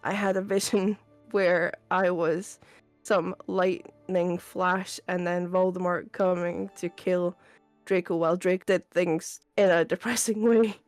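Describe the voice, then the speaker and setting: Deadpan woman streamer narrating a comedic read-aloud, slow, dry close sound. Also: on the low side, no room sound, faint music behind. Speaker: streamer reading a fanfiction aloud. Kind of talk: comedic dramatic reading.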